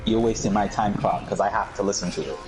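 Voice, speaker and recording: Laid-back low-voiced man telling stories. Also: steady tone, fast, a loud crowd, rough recording. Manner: laid-back and slangy, recounts conversations line by line. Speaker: podcast co-host. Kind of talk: casual chat, storytelling.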